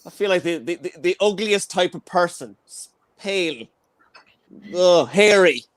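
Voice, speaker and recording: High-voiced Irish man, dry mic. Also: expressive, normal speed, no echo. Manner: stammering, crude teasing. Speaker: podcast host. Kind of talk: casual comedy banter.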